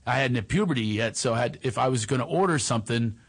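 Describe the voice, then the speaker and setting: A man's voice: medium pitch, fast talker, gravelly, husky. A man hosting a podcast, telling stories in casual chat and laughing often. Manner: animated storyteller, laughs often. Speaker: podcast host.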